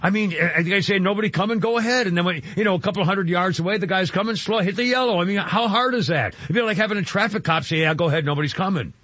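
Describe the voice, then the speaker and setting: A man hosting a radio talk show, rambling casually from one point to the next and often breaking into exclamations. His voice is husky and a little high. The sound is dry and slightly dull, like a broadcast feed. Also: fast, few pauses, bright, forceful tone, no room sound. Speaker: radio host.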